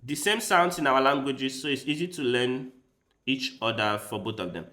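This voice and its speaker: A man's voice: medium pitch, animated, normal speed, bright, forceful tone. A man chatting casually with his livestream viewers, rambling and speaking straight to them. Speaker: chess streamer. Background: faint background music.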